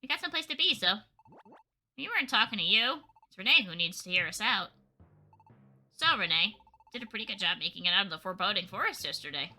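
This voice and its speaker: A woman's voice: medium pitch, very animated, fast talker, bright, forceful tone. Woman doing a sneering bully Pokémon. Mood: taunting. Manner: taunting. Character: sneering schoolyard bully Pokémon, smug and mean.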